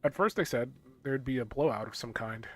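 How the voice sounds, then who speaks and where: A man's voice: mid-range voice, brisk, lightly acted. A man voicing a weary, grumbling male town guardsman from a game.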